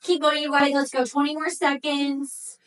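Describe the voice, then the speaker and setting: A Pilates instructor leads a workout, coaching and counting down reps while exercising and breathing hard. Her voice sits high and fairly bright but stays monotone, at a moderate pace. She is recorded distant from the mic.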